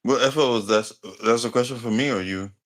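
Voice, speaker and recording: A man's voice: medium pitch, fairly quick, fairly bright tone. A man in a heated online debate, answering in a rambling, defensive, profane way. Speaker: debate guest.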